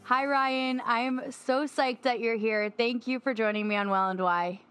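A woman's voice: a little high, steady tone, moderate pace, a bit bright, smooth. Upbeat woman podcast host. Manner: upbeat, gushing. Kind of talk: casual interview.

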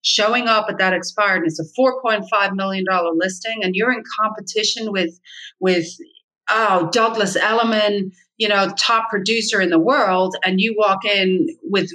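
Blunt, emphatic woman agent, bright and forceful tone, interview guest. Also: mid-range voice, fairly even intonation, normal speed, low-quality recording. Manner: emphatic, blunt, repeats points for stress. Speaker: real estate agent and mentor. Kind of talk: podcast interview answers.

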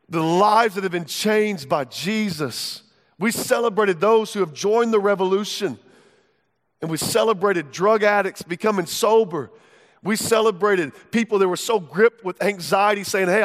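Male pastor with a high voice, fervent conversational sermon, big reverberant church hall. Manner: fervent, conversational preaching with direct questions to the crowd.

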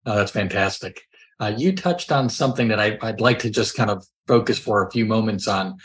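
Male podcast host, lower voice, conversational and reflective. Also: brisk. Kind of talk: podcast interview.

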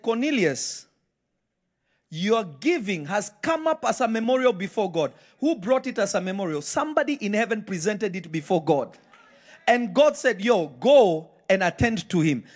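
A man's voice: high-pitched, sing-song, normal speed. A man preaching a live sermon in church, emphatic and firing repeated questions at the congregation. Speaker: pastor.

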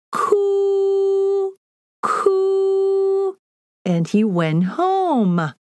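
A woman teaching a children's language lesson, repeating each phrase slowly and clearly in a sing-song way. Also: a little high, no echo.

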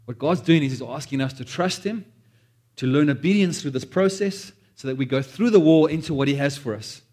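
A man preaching a sermon, animated, acting out quoted prayers and joking at his own expense. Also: a little high, a little fast. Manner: animated, acts out quoted prayers, self-deprecating asides. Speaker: pastor.

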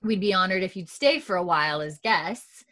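A woman voicing a gentle, earnest grown man in a lowered, soft voice while recapping a show. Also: expressive, normal speed, dry recording.

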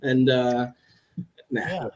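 A man's voice: medium pitch, drawn-out words, slight background noise. A man hosting a casual podcast chat, easygoing and a little hesitant. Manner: easygoing, hesitant, with fillers and laughs. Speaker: host.

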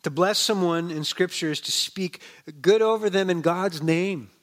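Man, pastor, sermon, conversational storytelling, slightly high voice, soft slow emphasis. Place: church.

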